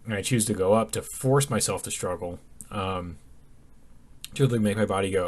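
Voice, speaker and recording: A man's voice: on the low side, normal speed, long pauses. A young man talking casually over his workout footage, sleepy and yawning, with lots of ums and restarts. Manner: rambling, many ums and restarts. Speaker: fitness vlogger.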